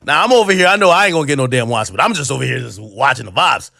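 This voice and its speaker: A man telling a story in a casual, profane, animated way and acting out the quotes. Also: medium pitch, very fast, vocal fry, dry recording, clean studio sound.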